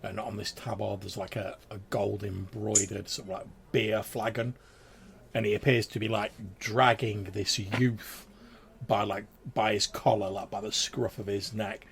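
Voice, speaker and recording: A man narrating as game master in a relaxed, filler-heavy way. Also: lowish voice, measured pace, creaky. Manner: relaxed, hesitant descriptive narration with many fillers.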